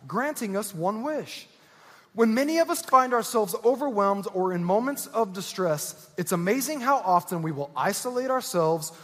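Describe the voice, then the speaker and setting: A man's voice: high-pitched, fairly bright tone. A man preaching a sermon as pastor, earnest and emphatic, repeating key lines. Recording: echoey church hall.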